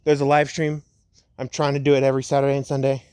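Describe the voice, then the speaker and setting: A man's voice: medium pitch, completely flat delivery, dark tone, clear, resonant tone, dry recording, studio quality. Young man casually retelling a fan story. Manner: rambling, laid-back, with stretches of slow dramatic retelling. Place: at home.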